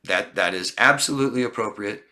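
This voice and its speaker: A man coaching on a live stream, reading viewer comments aloud and answering them in an emphatic, list-heavy way. His voice sits fairly low but has a bright, forceful edge, and he often checks in with "okay?". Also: fairly quick. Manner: emphatic, repeats lists of words and asks "okay?". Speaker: relationship coach.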